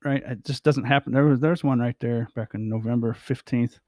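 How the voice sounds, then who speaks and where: A man's voice: medium pitch, fairly even intonation, a little fast, a little mellow, dry recording. A man talks through his price charts in a loose, rambling way, stumbling over words and repeating himself. His voice sits in an ordinary middle range. The sound is dry and close, with no room behind it. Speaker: crypto chart vlogger. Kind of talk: casual chart commentary.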